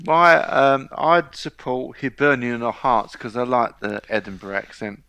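A man's voice: medium pitch, animated, unhurried, sharp tone, clear, resonant tone, no echo. A man in a casual podcast chat making dry, opinionated remarks.

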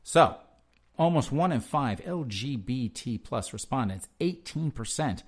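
A man's voice: mid-range voice, expressive, measured pace. A man hosting a talk show, giving sarcastic, rambling commentary as he reads news articles aloud. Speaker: show host. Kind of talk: casual commentary reading articles.

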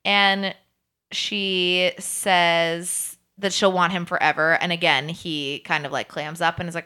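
Bright-voiced woman podcast co-host. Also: fairly low pitch, slow, clean tone. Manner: animated, swearing, laughs often. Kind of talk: casual book-club chat.

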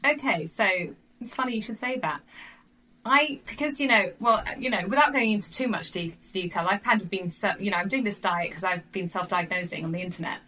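Woman, 30s, bright tone, chatty, podcast co-host, restarts a lot, casual chat. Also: mid-range voice, fairly quick, rough recording. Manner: chatty, restarts a lot, acts out voices in anecdotes. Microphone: video call.

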